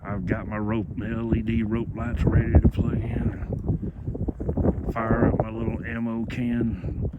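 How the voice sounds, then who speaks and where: A man's voice: on the low side, monotone, unhurried. A middle-aged man rambling in a folksy way while filming a scenic vlog outdoors on a phone he holds in his hand. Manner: rambling, folksy, laughs often. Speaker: vlogger. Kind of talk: casual outdoor vlog narration. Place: outdoors on a windy rim overlook. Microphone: phone held in hand. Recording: lo-fi phone audio with loud wind. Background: wind.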